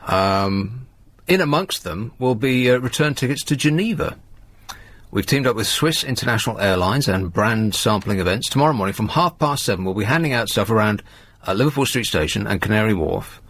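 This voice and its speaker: Male talk-radio host, sardonic, animated pitch. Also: brisk. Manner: dry, sardonic, reads tabloid quotes aloud. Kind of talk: late-night radio talk with callers. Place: radio studio.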